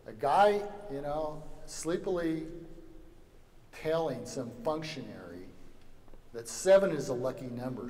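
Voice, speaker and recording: A man's voice: mid-range voice, mellow. A man from Louisiana, giving an anecdotal lecture at a summer seminar in a wry, joking manner, full of "you know" asides. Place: lecture hall. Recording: echoey hall, faint background noise.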